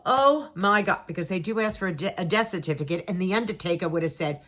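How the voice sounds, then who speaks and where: A middle-aged woman shares a personal story with her viewers in a casual, dramatic way, animatedly acting out her own lines and other people's and repeating words for emphasis. Her voice sits on the low side, and she speaks at a quick pace.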